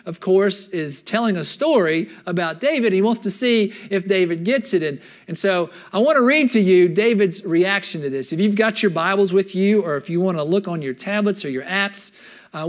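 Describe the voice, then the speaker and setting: High-voiced man preaching a lively sermon. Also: normal speed. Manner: animated storyteller, checks in with the room; retells scripture in casual everyday words. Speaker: pastor.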